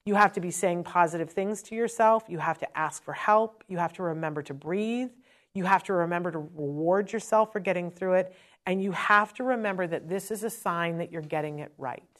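A woman's voice: fairly low pitch, a little fast. A woman speaking earnestly and emotionally, sharing a personal parenting story in a conversational talk about autism.

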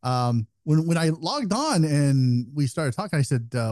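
A man co-hosting a casual podcast chat, telling stories in a swearing, animated way. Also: a little high, a little slow, no echo, studio quality. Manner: profane, animated storytelling. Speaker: podcast co-host.

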